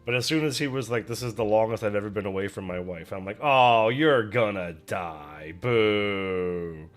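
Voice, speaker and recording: A man's voice: lowish voice, fairly even intonation, fast. A young adult man streaming from home, chatting casually while he paints, in a rambling, self-deprecating way. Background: faint music.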